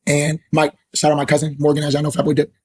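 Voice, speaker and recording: A man's voice: on the high side, completely flat delivery, quick pace, darkish tone, slight background noise. A young man with a sore throat talking earnestly and from the heart to his livestream viewers. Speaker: streamer. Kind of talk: emotional livestream talk.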